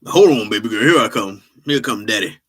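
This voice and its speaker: A man voicing a doting older father, loud, eager and reassuring as he rushes to his daughter. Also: on the low side, animated, slightly rough.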